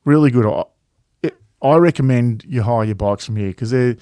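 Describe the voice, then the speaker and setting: A man's voice: medium pitch, normal speed, mellow, clear, resonant tone, no echo, studio quality. Rambling, swearing man in casual chat. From Australia. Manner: rambling, swears freely, many fillers and restarts. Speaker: travel vlog co-host.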